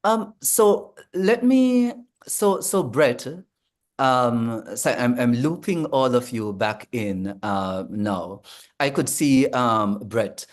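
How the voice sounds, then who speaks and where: A man, a language coach explaining in a panel discussion, measured and full of ums and restarts. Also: medium pitch, expressive.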